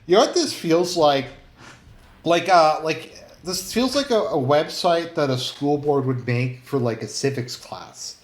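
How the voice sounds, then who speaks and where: A man's voice: on the high side, lively intonation, measured pace. A man giving casual commentary online, rambling and blunt, with many fillers and some swearing. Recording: roomy, echoey room.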